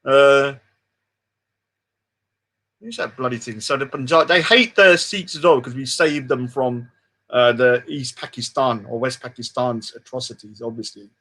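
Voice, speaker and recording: A man's voice: medium pitch, measured pace, a bit bright. A man hosting a casual livestream, boastful and taunting, swearing often and trailing off into mumbles. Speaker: livestream host.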